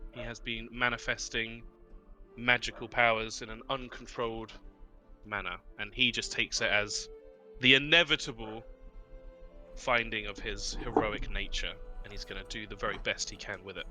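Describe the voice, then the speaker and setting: A man's voice: medium pitch, bright, forceful tone. A man, a tabletop game player, describing his character in a casual, rambling way with frequent ums and restarts.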